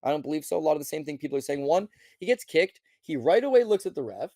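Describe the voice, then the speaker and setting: A man hosting a podcast, ranting bluntly and profanely about fights and bets, acting out quotes in high mocking voices. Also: big pitch swings, quick pace, warm tone, dry recording. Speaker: podcast host. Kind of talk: casual sports betting rant.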